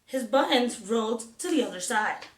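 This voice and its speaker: A woman reading the part of a withdrawn young girl who speaks flatly and repeats phrases, in a storybook read-aloud. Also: fairly high pitch, normal speed, far from the mic, lightly acted. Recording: roomy echo.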